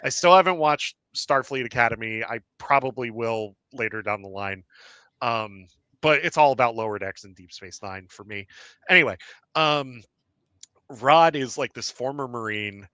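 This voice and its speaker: A man's voice: medium pitch, moderate pace, bright, forceful tone, no echo. A young man chatting casually as a podcast co-host, rambling with lots of fillers and frequent laughter. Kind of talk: casual chat.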